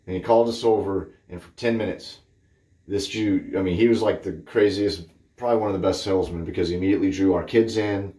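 A man with a deep, mellow voice talks a little fast as he reviews a shaving product. He's a shaving vlogger from Cape Cod, Massachusetts, chatting bluntly, candidly, and ramblingly in his bathroom, with a roomy echo in the recording.

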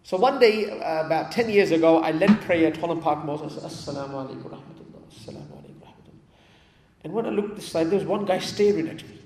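High-voiced man preaching in an echoey hall. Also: gravelly. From England. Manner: repeats key phrases for emphasis. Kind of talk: storytelling sermon. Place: mosque hall. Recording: echoey hall with long reverb.

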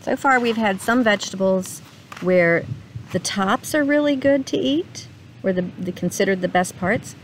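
A woman reading a picture book aloud to children at a slow, expressive pace. She often pauses to put questions to her listeners. Her voice sits in a middle pitch, with a faint hiss behind it.

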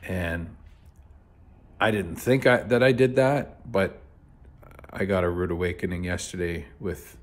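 A man with a deep, low voice tells a personal story straight to camera. He is from Canada and talks in a loose, rambling way, full of fillers like "uh" and "so," with the odd curse word thrown in. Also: a little slow, pauses often. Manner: laid-back, rambling, with frequent fillers and swearing. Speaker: vlogger.

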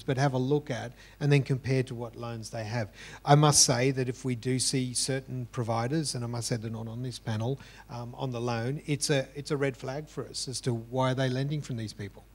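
A man speaking as a panelist on business lending, explaining in a measured, matter-of-fact way. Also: mid-range voice. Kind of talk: panel discussion.

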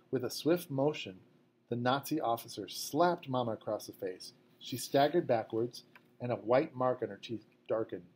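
A man reading a novel aloud at a measured, fairly quiet pace. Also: mid-range voice, a little hiss or hum. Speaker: audiobook narrator. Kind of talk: scripted narration.

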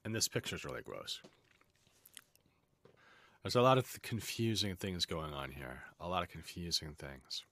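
A man's voice: sits low, animated, measured pace, long pauses, fairly bright tone, no echo. A man hosting a casual lesson, reading aloud and breaking off into chatty, jokey asides. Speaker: host.

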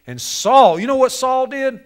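A man preaching a lively sermon, telling a story and acting out its characters with jokes for the audience. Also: very high voice, a little slow. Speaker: speaker to youth on bullying.

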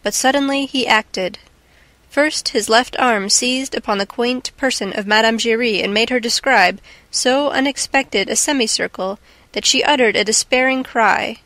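A woman narrating a classic novel as an audiobook in a steady, measured reading. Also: a little high, no echo. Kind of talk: scripted narration.

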